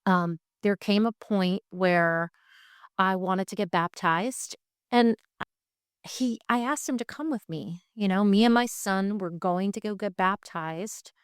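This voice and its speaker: A woman tells a painful personal story as a guest, plain and straightforward. Her voice is smooth and resonant at a middle pitch, and it is recorded close and dry. She acts out what others said as she goes. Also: slow pace, no echo. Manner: straightforward and frank. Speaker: guest sharing her faith testimony. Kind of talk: candid conversational storytelling.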